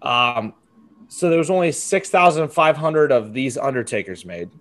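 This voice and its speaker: A man's voice: mid-range voice, lively intonation, normal speed, fairly bright tone. A young man co-hosting a comedy podcast, riffing into profane mock rants with sudden yelped outbursts. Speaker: podcast co-host. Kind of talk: casual comedic chat.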